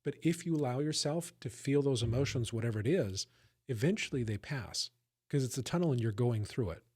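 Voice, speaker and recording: A man's voice: mid-range voice, lively intonation, fairly quick, a little mellow, husky. Earnest man co-hosting a podcast. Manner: earnest and reflective, often checking in with "right?". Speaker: podcast co-host. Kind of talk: casual conversation.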